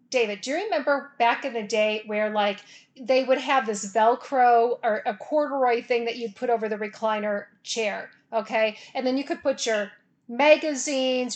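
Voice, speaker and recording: A woman telling a funny personal story in a casual, animated way, laughing and often checking in with "okay?". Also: on the high side, measured pace.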